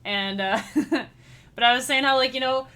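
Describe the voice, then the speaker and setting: Sharp-toned and high-pitched, this woman speaks in an unhurried way. She's a livestreamer and chiptune musician chatting casually with her viewers, bubbly and full of giggles.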